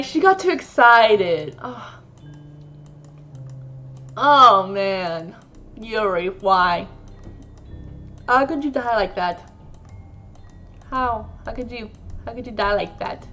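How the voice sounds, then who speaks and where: A woman's voice: a little high, a bit bright, muffled recording. A woman giving let's-play commentary, laughing a lot, exasperated, and swearing as she plays. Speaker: gaming video creator.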